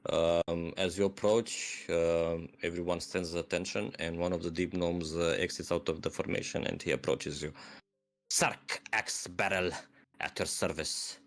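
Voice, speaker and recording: A man narrating as game master of a tabletop game, halting with many fillers. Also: deep voice, flat delivery.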